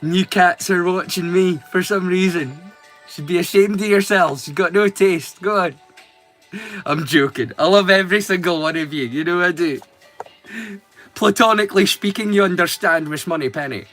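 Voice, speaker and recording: A man's voice: high-pitched, moderate pace, fairly bright tone, faint music behind. A man with a Scottish accent chatting casually with his live-stream viewers, teasing them and swearing freely. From Scotland.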